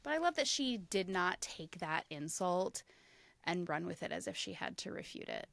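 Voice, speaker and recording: A woman in her thirties with a Midwestern accent co-hosting a casual comedy podcast, telling animated stories and acting out quoted voices. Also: fairly low pitch, normal speed, gravelly, dry recording. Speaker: podcast co-host.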